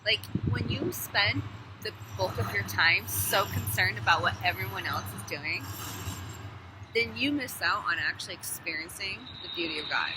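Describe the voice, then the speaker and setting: A woman talks openly to her camera in a casual vlog, her pitch swinging up and down as she speaks. She is frank and swears freely. Steady noise sits behind her voice. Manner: animated, swears, laughs between thoughts. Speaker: hairstylist vlogger. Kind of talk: casual phone monologue. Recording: noticeable background noise.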